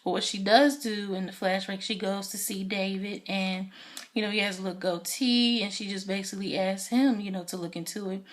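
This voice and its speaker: A woman's voice: medium pitch, fairly even intonation, fairly quick. A woman casually recapping a TV episode for her channel, chatty and enthusiastic, with lots of fillers. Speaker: YouTube TV recap reviewer.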